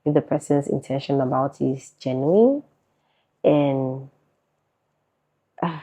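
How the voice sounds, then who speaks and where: A woman with a bass voice, husky and mellow, speaks slowly with a Nigerian accent. As a content creator in a casual interview, she laughs often; the recording is muffled and lo-fi.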